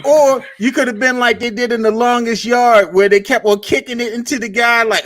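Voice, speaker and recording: A man's voice: very high-pitched, steady tone, normal speed, few pauses, fairly bright tone. A man, co-hosting a casual sports show and ranting with mocking impressions.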